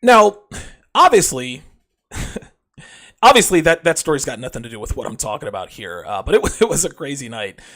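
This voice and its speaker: A man's voice: mid-range voice, sing-song, moderate pace, long pauses, sharp tone. A man hosting a show, delivering a brash, crude, lecturing monologue straight to his listeners. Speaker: podcast host.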